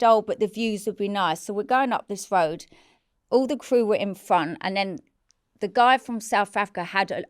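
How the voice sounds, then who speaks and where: A woman tells her story bluntly and candidly, with plenty of swearing. Her voice is smooth and clear, and she is recorded close with a dry sound and almost no room echo. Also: mid-range voice. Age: 40s. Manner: candid and blunt, swears freely, acts out quoted shouts. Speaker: interview guest. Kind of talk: emotional personal storytelling.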